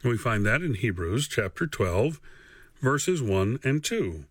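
Slow, deliberate male Bible teacher. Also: mid-range voice, sing-song, slightly rough, no echo. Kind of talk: radio Bible lesson.

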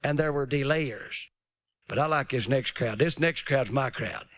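A man's voice: medium pitch, measured pace, fairly bright tone, no echo. A man preaching a dramatic sermon, often mocking others in put-on voices.

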